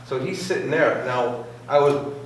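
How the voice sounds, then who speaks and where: A man's voice: mid-range voice, a little slow. Man, casual storyteller, acts out voices and sound effects, very echoey room, distant mic. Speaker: club member sharing a racing story. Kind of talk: casual anecdote to a group. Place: club meeting room. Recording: very echoey room, voice far from mic, faint noise.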